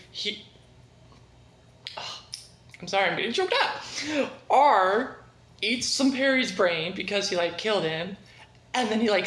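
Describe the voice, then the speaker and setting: A woman's voice: on the high side, a bit bright. Gushing young woman in an echoey room. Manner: rambling and gushing, scatterbrained. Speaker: book reviewer. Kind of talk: casual video review.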